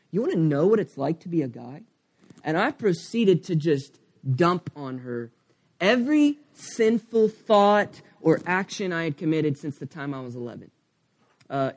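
Male pastor, 30s, candid rambling sermon storyteller with a fairly high voice.

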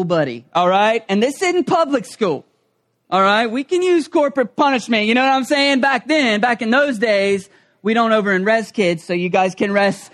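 A middle-aged man preaching a humorous storytelling sermon, animated and acting out the voices in his stories. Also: high voice. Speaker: pastor.

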